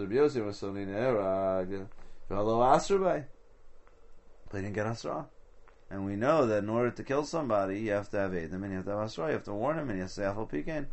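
A man leads a Talmud study session in a somewhat low voice. He explains each point step by step and drops Hebrew and Aramaic terms into his English. He keeps asking rhetorical questions as he goes. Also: a little mellow. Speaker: Talmud teacher.

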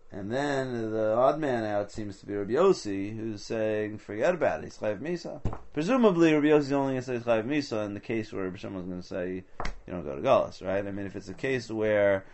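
A man leads a Talmud study session in a somewhat low voice. He explains each point step by step and drops Hebrew and Aramaic terms into his English. He keeps asking rhetorical questions as he goes. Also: darkish tone, slight background noise. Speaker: Talmud teacher.

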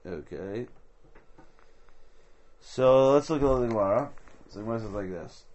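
A man's voice: medium pitch, animated, normal speed, darkish tone. A man teaching a Talmud study session, explaining step by step and asking rhetorical questions. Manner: explanatory, mixes Hebrew and Aramaic terms into English.

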